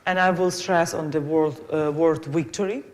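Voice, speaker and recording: A woman's voice: deep voice, steady tone, normal speed. Woman with a Ukrainian accent on a panel. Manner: earnest, non-native phrasing. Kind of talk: conference panel answer.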